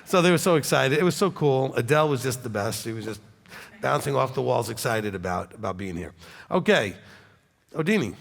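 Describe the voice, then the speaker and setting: Gravelly rabbi in a reverberant hall. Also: male voice, medium pitch, brisk. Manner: animated, chatty, with many okays. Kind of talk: answering congregation questions.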